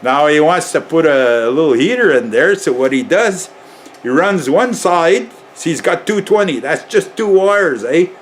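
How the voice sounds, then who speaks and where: A man's voice: fairly high pitch, animated, moderate pace, slight background noise. A man who works as an electrician, rambling and chuckling often as he explains heater safety in a casual how-to vlog. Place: garage.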